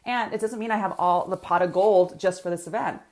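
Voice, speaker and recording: A woman's voice: on the low side, a little fast, darkish tone. A woman business coach, talking energetically to viewers in a live coaching session and reading out their comments.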